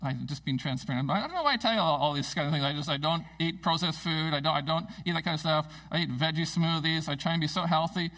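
A middle-aged male pastor giving a casual, conversational sermon in a church, self-deprecating and animated when he tells stories. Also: on the high side, fast talker, hardly any pauses, distant mic, rough recording. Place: church sanctuary.

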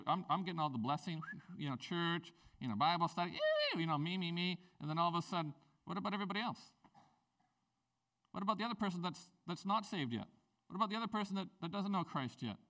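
A man preaching a sermon as a pastor, in a conversational, animated way with playful asides. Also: fairly high pitch, creaky, recorded from a distance.

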